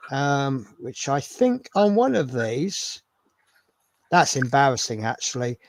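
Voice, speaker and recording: A man's voice: on the high side, no room sound. A man hosting a live model-building stream, chatting in a rambling, self-mocking way. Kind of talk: casual live-stream chat.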